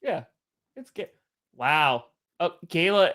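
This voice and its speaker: Male co-host, loose banter, laughs a lot, pitch jumps around. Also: big pitch swings, normal speed, a bit bright. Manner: laughs often, trails off and restarts. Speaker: podcast co-host. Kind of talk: casual sports podcast banter.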